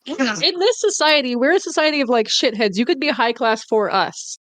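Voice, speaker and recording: A woman's voice: high voice, lively intonation, a little fast, fairly bright tone, no room sound. A woman chatting casually with friends while planning a tabletop game, joking around. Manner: joking, trying out a transatlantic gangster voice. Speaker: player.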